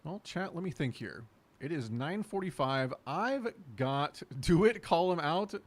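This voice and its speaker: A young man chatting casually on a live stream, laid-back and excitable, laughing easily. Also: fairly high pitch, a little slow.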